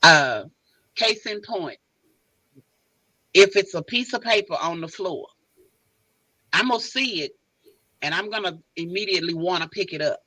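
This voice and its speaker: Woman guest, emphatic advice, bright forceful voice, dry close sound. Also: fairly low pitch, measured pace, long pauses, husky, no echo, low-quality recording. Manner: emphatic, animated advice-giving. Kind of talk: casual chat.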